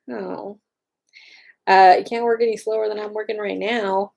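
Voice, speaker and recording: Gushing, excitable woman in casual chat. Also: mid-range voice, normal speed, gravelly. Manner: gushing, excitable, talks while browsing.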